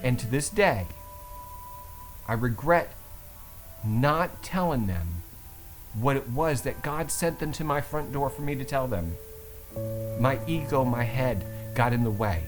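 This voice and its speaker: Animated storytelling man with lively pitch. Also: unhurried, long pauses, soft background music, low-quality recording. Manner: expressive, swings from low asides to loud exclaims. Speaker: Catholic vlogger.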